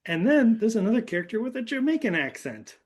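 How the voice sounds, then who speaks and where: A man's voice: high voice, very animated, quick pace. A man hosting a podcast, recapping a film in a loose, rambling way with lots of fillers. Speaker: podcast host. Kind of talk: casual movie discussion.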